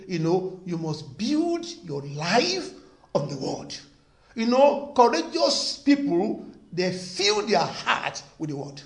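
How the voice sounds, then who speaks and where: A man preaching a sermon as pastor, emphatic, repeating phrases and asking the congregation questions. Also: high-pitched. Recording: echoey room.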